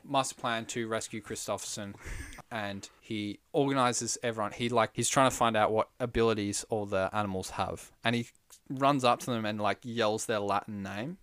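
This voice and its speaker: A man with a fairly low voice recaps a movie plot for a podcast, chatting casually with a friend. He is animated, puts on voices for quotes, and teases his co-host. The sound is dry and close. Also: moderate pace, clean tone, dry recording. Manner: animated storyteller, acts out quotes, teasing. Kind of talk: casual movie review chat.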